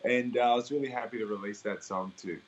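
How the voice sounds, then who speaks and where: A man's voice: mid-range voice, quick pace, slight background noise. A young Australian man, an interview guest, talking in an upbeat, chatty way and laughing easily. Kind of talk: casual interview chat. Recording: slightly dull recording, faint ambience.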